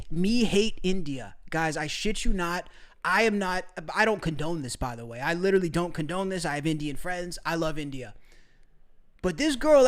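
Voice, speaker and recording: Male streamer, young adult, high voice, crude slang, frequent laughter, casual live-stream talk.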